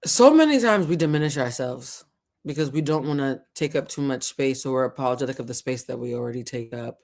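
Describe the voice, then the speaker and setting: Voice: mid-range voice, animated, a little fast, gravelly, a little mellow. A show host giving impassioned commentary to camera, fiery and profane, preaching with repeated phrases while close to tears. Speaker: host of a culture and tarot channel.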